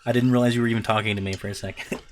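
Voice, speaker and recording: A man's voice: fairly low pitch, fairly even intonation, very fast, crowd noise, low-quality recording. A man running a tabletop game as game master, loose and rambling, swearing often.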